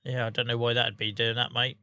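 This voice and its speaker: Bright-voiced male streamer. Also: mid-range voice, level tone, fast talker, no room sound. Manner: jokey banter, reads out and answers chat, laughs often. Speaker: live streamer. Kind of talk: casual live-stream chat over gameplay.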